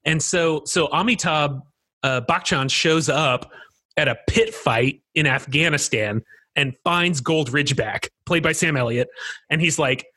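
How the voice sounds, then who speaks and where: A man co-hosting a podcast in casual chat, an animated storyteller who acts out quoted lines. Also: fairly high pitch, unhurried, slightly rough. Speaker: podcast co-host.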